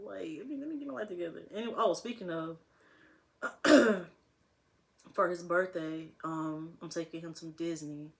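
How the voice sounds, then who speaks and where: A woman's voice: lowish voice, a little slow, long pauses. A young woman talking casually to camera as a vlogger, rambling and laughing often.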